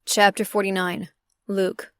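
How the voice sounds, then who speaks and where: A woman reading a first-person romance audiobook in a steady, measured way. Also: mid-range voice, clear, resonant tone, dry recording, clean studio sound. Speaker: audiobook narrator. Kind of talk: scripted first-person narration.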